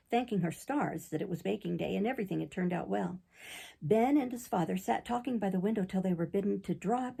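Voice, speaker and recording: A woman narrating a classic novel as an audiobook in steady storytelling delivery. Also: medium pitch, vocal fry, husky, low-quality recording.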